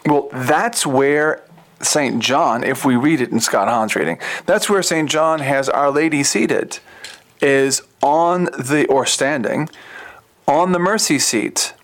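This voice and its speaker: A man who is a religious brother, talking as a guest in a casual chat, halting and repeating words as he searches for them. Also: fairly high pitch, fairly bright tone.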